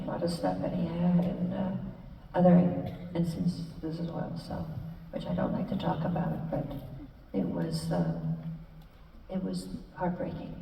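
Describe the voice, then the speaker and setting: An older woman telling her life story on stage, halting and warm, with many fillers and restarts. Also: fairly low pitch, gravelly, muffled recording, slight background noise. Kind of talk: live stage conversation with audience. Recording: echoey hall, speaker far from mic.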